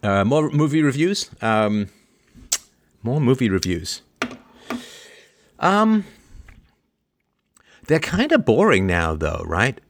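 A man's voice: slow pace, long pauses. A man hosting a livestream, chatting playfully, joking and laughing as he reads out viewer greetings. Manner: animated, jumps between high and low pitch. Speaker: host.

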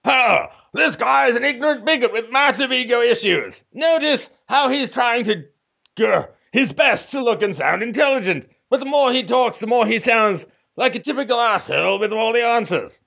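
A scornful male brigadier general, put on by a man, barks out a sneering insult in a clipped manner. The voice sits very high with a gravelly, sharp edge. It sounds slightly distant from the mic. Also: animated, normal speed, full character voice.

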